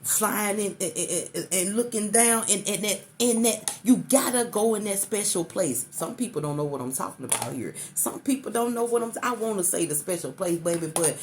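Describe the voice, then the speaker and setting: A woman's voice: medium pitch, expressive, moderate pace, hardly any pauses, slight background noise. A middle-aged woman doing an intuitive tarot reading to the viewer, repeating herself and calling the listener baby. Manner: repetitive, coaxing, calls listener baby. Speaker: tarot reader.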